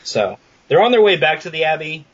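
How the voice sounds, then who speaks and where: A man's voice: a little high, sing-song, a little fast, highs cut off, slight background noise. A man co-hosting a casual book discussion podcast, explaining plot points and steering the talk. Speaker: podcast co-host.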